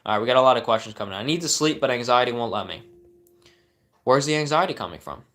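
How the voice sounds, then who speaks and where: A man's voice: mid-range voice, expressive, fast talker, a bit bright, faint music behind. A young man hosting a live stream, answering viewer questions with earnest coaching advice and frequent fillers and restarts.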